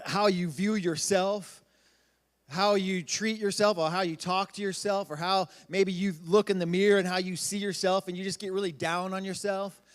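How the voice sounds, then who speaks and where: A man's voice: high-pitched, normal speed. A young man giving a casual youth group talk, telling stories with lots of fillers. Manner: animated storytelling with lots of fillers. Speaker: youth pastor. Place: church hall. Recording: long hall reverb.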